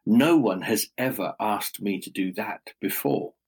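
A man's voice: measured pace, darkish tone, slightly rough. A man doing a growling serpent husband. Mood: gruff. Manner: low growling, wheezing delivery. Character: huge menacing male serpent husband, gruff.

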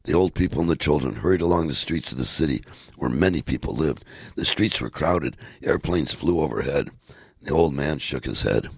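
A man reading a storybook aloud in a measured, steady way. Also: a bass voice, gravelly, slightly rough, no room sound. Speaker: narrator.

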